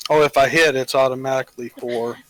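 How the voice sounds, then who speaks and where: A man's voice: mid-range voice, steady tone, a little fast, fairly bright tone, no echo, poor audio. A man playing a tabletop game, thinking aloud hesitantly about his character's rules. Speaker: player. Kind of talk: casual tabletop game talk.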